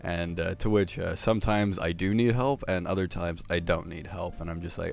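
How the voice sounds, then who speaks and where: A man's voice: low-pitched, fairly even intonation, normal speed, creaky. A young man hosting casual anime commentary, rambling with many fillers and restarts.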